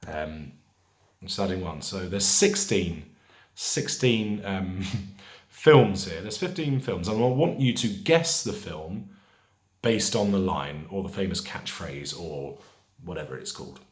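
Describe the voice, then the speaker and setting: In a lowish, expressive voice, this pub quiz host reads each question slowly before saying it again. Chatty asides fill the gaps between questions in an echoey room.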